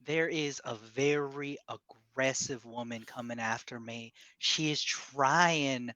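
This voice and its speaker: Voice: medium pitch, slow pace, sharp tone, no room sound. A player voicing a self-assured male celebrity who speaks in a folksy, put-on drawl. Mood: persuasive.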